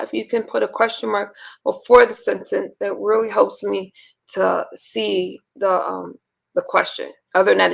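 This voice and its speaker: A woman in her thirties, hoarse and raspy, chatting casually with her livestream viewers and rambling with sighs and fillers. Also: mid-range voice. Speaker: livestream host.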